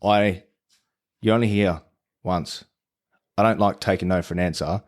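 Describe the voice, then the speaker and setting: Man, Australian accent, low voice, casual podcast guest, relaxed, swearing. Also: moderate pace. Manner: laid-back storytelling, swears freely. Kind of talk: casual chat.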